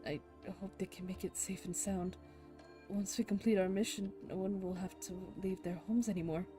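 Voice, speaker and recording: A woman's voice: medium pitch, fairly even intonation, normal speed, music in the background. Woman reading game dialogue aloud. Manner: reads every character herself, breaks into loud laughing reactions. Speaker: game streamer voicing the story.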